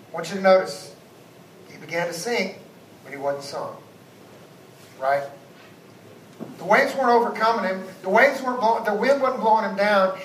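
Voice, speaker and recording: A male guest pastor with a fairly high voice preaches, rising to loud exhortation and dropping to hushed asides. He is heard from a distance in an echoey church with noise behind him. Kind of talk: sermon. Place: church sanctuary.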